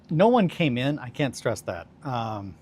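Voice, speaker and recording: A young man streaming a casual chat, telling rambling stories with lots of swearing and sudden bursts of excitement. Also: medium pitch, breathy edge.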